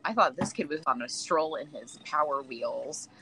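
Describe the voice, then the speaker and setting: A woman's voice: low-pitched, moderate pace, noisy background. A woman guesting on a casual live stream, bantering playfully and laughing easily. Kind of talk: casual chat.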